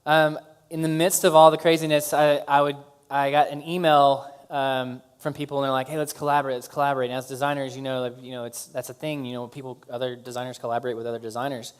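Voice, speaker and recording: A man giving a casual talk to an audience about his work, halting with fillers and restarts. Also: mid-range voice, level tone, clean tone. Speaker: speaker telling his business story.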